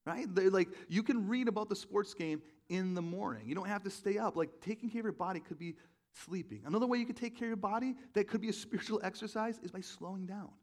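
A man delivering a sermon to a church audience, telling personal stories in a loose, chatty way. He fills his sentences with "like", restarts often, and jokes at his own expense. His voice sits a little higher than most men's. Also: fast talker. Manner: conversational, self-deprecating storytelling with many fillers. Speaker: pastor.

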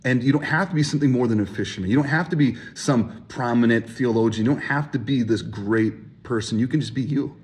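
A man preaching a sermon, animated and emphatic, acting out the voices of people in his stories. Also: medium pitch, slightly rough. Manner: animated, acts out voices in quotes, rising emphasis. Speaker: pastor.

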